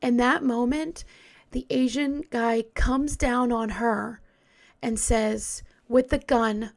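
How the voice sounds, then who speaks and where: A woman telling a true crime story in a casual, hesitant way, often dropping into a hushed whisper. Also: on the high side, fairly even intonation, slow pace, gravelly.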